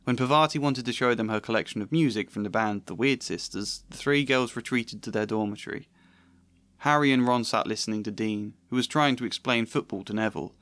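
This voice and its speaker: Male essayist, mid-pitch, dry close mic, thoughtful and self-questioning. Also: a little fast, a bit bright, dry recording. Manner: reflective, self-questioning, occasional laughs. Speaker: video essayist. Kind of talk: analytical video essay with read-aloud excerpts.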